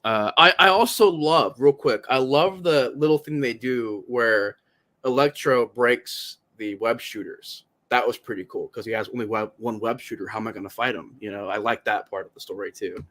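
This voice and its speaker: A man's voice: medium pitch, moderate pace, a bit bright. A man guesting on a casual podcast, giving blunt, profane opinions on films. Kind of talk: casual film discussion.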